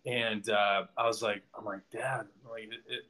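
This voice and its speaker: A man's voice: fairly low pitch, little pitch movement, moderate pace, sharp tone. A man, a podcast guest, telling a personal story in casual conversation, rambling with many restarts and "like"s.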